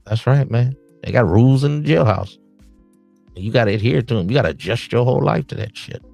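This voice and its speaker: A man's voice: medium pitch, animated, a little fast, creaky, warm tone, dry recording, soft background music. A man hosting a late-night podcast stream in a casual monologue, handing out streetwise, preachy advice to the young men he calls his nephews. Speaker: podcast host.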